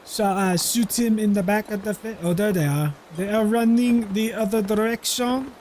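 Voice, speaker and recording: A man with a notably high voice gives loose, chatty commentary over his gameplay. He is playful and easygoing, and slips into half-serious role-play now and then. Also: moderate pace, darkish tone, a little hiss or hum.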